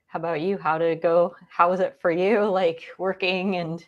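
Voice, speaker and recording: A woman hosting a livestream panel, warmly affirming guests and asking follow-up questions. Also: lowish voice, flat delivery, highs cut off. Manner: supportive, quick affirmations. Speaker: host.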